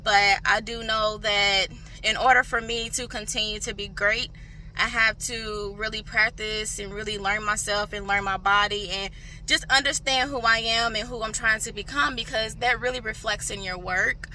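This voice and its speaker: A woman's voice: medium pitch, steady tone, normal speed, bright, forceful tone, a little hiss or hum. A young woman vlogging in a casual, chatty way, talking straight to her viewers with lots of fillers. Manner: chatty, filler-heavy, addresses viewers directly. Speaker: beauty vlogger. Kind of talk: casual vlog chat. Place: parked car.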